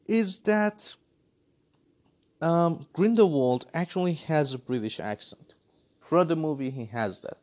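A man giving a casual, exasperated movie review full of sarcasm. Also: fairly high pitch. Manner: animated, exasperated critique with sarcasm.

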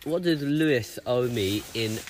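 A man's voice: mid-range voice, animated, a little slow, crowd noise. A young man hosting a casual podcast with friends, rambling and saying "like" a lot. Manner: rambling, lots of "like". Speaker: podcast host. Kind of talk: casual chat. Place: room with friends, smoking. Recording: distant mic with background noise.

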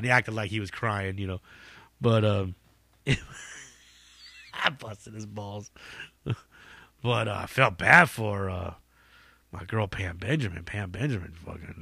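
A man's voice: lowish voice, vocal fry, pushed and bright, husky, dry recording. A man, a stand-up comic hosting a podcast, telling rambling stories in casual chat, swearing freely and laughing at his own jokes. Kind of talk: casual storytelling monologue.

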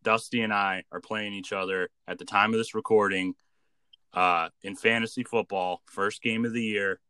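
A man's voice: on the low side, steady tone, normal speed, sharp tone, clear, resonant tone, dry recording. A man co-hosting a casual podcast, making crude wisecracks at his friends. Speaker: podcast co-host.

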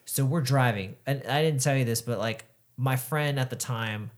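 A man's voice: mid-range voice, normal speed. A young man co-hosting a podcast, telling rowdy stories in casual chat, swearing freely and acting out the people in them. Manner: profane, animated, acts out quoted voices. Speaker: podcast co-host.

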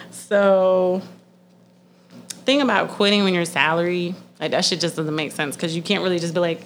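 A young woman talks in a loose, casual chat, blunt and full of swearing, laughing often. Her voice sits on the lower side. A faint hiss runs under the recording. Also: steady tone, moderate pace.

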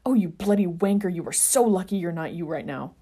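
A man's voice: sits high, lively intonation, brisk, mellow, breathy edge. A woman voicing a young male wizard, grunting and strained with effort.

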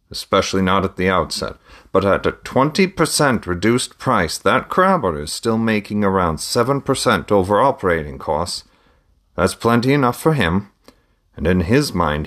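A man's voice: deep voice, a bit bright. A man reading as an earnest, proud trader father. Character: middle-aged male trader, proud and weary father. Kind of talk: audiobook reading.

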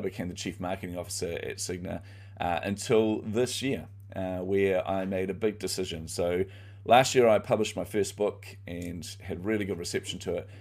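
Deep gravelly guy, middle-aged, chatty interview guest telling a story, lots of ums and uhs. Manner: candid and animated, with many fillers. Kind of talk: conversational storytelling.

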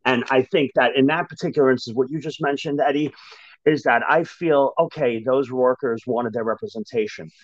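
A man speaking as a union manager and podcast guest, talking frankly and emphatically in an animated conversation. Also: medium pitch, a little fast, dry recording. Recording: dull lo-fi dry sound.

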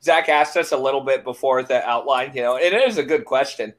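A man hosting a casual podcast chat, joking and rambling, quick to laugh. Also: medium pitch. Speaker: podcast host.

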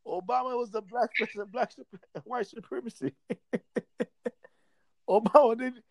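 A man's voice: very high voice, moderate pace, creaky, dry recording. A man in casual chat who talks in a rambling, profane way and laughs often.

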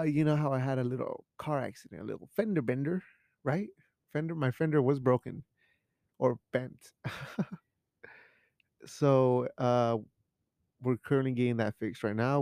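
A man's voice: mid-range voice, animated, measured pace, pauses often, darkish tone, no room sound. A young man hosting a show in a home studio, rambling casually and swearing, with Spanish words mixed in. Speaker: podcast host. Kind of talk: casual chat.

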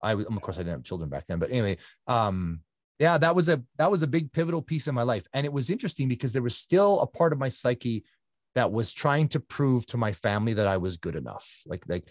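A man, a guest telling his story in a casual interview with animated energy and quick restarts. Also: medium pitch, dry recording, clean studio sound. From Canada. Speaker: guest, triathlete.

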